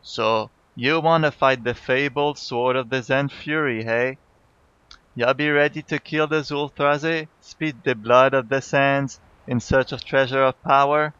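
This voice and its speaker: A man's voice: medium pitch, steady tone, measured pace, a bit bright, clean tone, no echo, muffled recording, natural voice. Man putting on a scheming troll blood-mage. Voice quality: put-on island lilt, rolling and emphatic.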